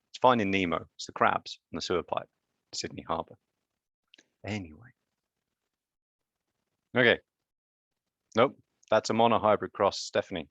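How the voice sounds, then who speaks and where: Man, genetics lecturer, chatty with jokes, deep-ish voice, dry dull lo-fi sound. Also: fairly bright tone, no room sound. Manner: chatty, joking asides, quizzes students. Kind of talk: live online lecture.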